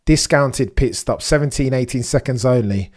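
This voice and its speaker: Excitable man commentating live. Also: mid-range voice, moderate pace. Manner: excitable, chatty, British slang, talks to chat. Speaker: livestream host. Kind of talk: live race watchalong commentary.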